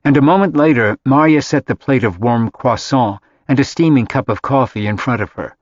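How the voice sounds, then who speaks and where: A man's voice: mid-range voice, normal speed, dry recording, lo-fi sound. Man narrating an audiobook, dry sound. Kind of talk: scripted narration.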